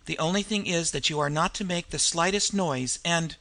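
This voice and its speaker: A man's voice: fairly high pitch, moderate pace, pushed and bright. A man reading the part of a resolute young woman who speaks hurriedly and breathlessly, giving tense orders. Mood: urgent.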